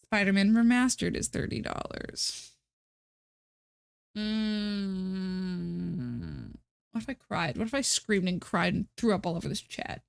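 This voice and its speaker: A woman's voice: mid-range voice, fairly quick, creaky. A young woman streamer chatting casually to her viewers, ranting with dramatic, exasperated outbursts. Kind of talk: casual live-stream chat.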